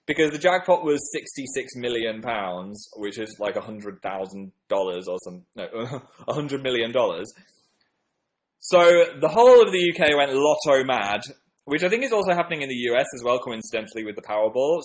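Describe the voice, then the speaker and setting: A man's voice: mid-range voice, low-quality recording. A young man hosting a casual livestream, reading viewer comments in a playful, self-deprecating, rambling way. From northern England. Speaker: livestream host.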